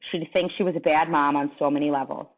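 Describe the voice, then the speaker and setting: A woman teacher reading a novel aloud to her class, with an expressive delivery. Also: deep voice, fast. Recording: tinny phone-like sound.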